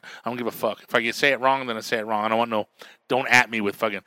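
A man from New Mexico who works as a radio DJ and comic, hosting his own podcast in a loud, profane, beer-drinking monologue. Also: medium pitch, steady tone, quick pace, smooth, dry recording. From Albuquerque, New Mexico. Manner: loud, swearing, drinking beer while talking.

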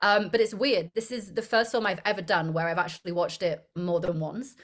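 A woman's voice: fairly low pitch, fairly even intonation, fairly quick. A young woman, an actress being interviewed, chatting casually, rambling and giggling often. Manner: giggly, rambling, self-deprecating.

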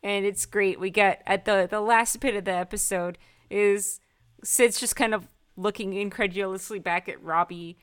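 Woman cohost, smooth clear voice, wry and amused, recapping a show. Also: mid-range voice, steady tone, normal speed. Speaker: podcast co-host. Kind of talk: casual TV episode recap chat.

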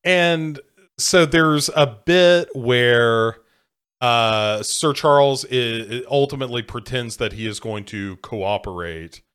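A man's voice: medium pitch, slow pace, fairly bright tone, clean tone. A man summarizing a film plot in casual talk, with many fillers.

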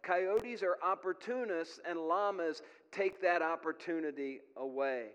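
A middle-aged male pastor preaches in a high, bright voice, earnest and plain-spoken with folksy asides. His sermon rings out with a long reverb from a church hall. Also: unhurried, clear, resonant tone, lo-fi sound.

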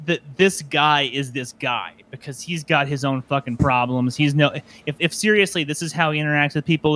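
A man's voice: mid-range voice, fairly bright tone. A man co-hosting a casual podcast chat, telling a story with lots of swearing and mocking voices. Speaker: podcast co-host.

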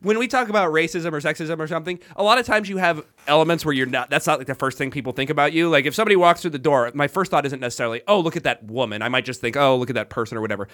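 A man co-hosting a studio comedy podcast, arguing his point in animated casual chat. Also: on the high side, rapid-fire, hardly any pauses. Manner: animated, argumentative, explains at length. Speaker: podcast co-host.

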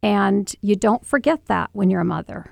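A middle-aged woman with a strongly gravelly, creaky voice, telling a painful family story. She speaks haltingly, restarting and pausing with fillers. The recording is dry and close. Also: medium pitch, expressive, no room sound. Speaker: guest, mother. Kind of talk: personal storytelling interview.

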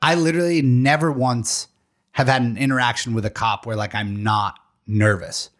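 A man's voice: mid-range voice, steady tone, moderate pace, fairly bright tone. A young man in casual chat who swears freely and laughs along while telling a story.

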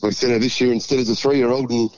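An Australian man calls in over a radio phone line and tells how his pigeon won a race. He talks in an excited, chatty way and stays in a middle pitch range. He laughs easily as he tells the story. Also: fast, a crowd in the background. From South Australia. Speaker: winning pigeon racer, phone guest.

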